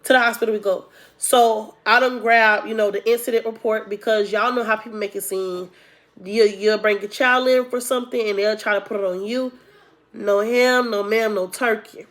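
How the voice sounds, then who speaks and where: A woman's voice: mid-range voice, steady tone, moderate pace, a bit bright. A young woman telling a personal story to her viewers in a casual, chatty way, talking to them as y'all. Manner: chatty, addresses viewers as y'all, acts out quotes. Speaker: storytime vlogger.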